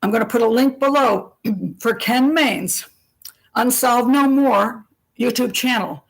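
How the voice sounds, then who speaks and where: Older lady on a live stream, chatty and lively, slightly high voice, acts out what people said. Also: takes it slowly, poor audio. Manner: chatty and animated, acts out quotes, laughs often. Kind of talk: casual live-stream storytelling.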